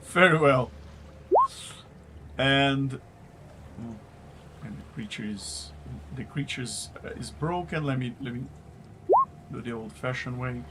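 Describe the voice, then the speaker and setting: A man running a live tabletop game as game master, with a measured delivery and "very well" as his recurring cue. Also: mid-range voice, noisy background.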